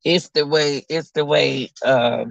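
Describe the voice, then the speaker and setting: A man's voice: fairly high pitch, fairly even intonation, takes it slowly, gravelly, no echo. A man giving casual live commentary to his viewers from work, sounding incredulous and repeating his phrases as he talks to the audience. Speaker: commentary vlogger. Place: at work, away from home. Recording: dull lo-fi audio.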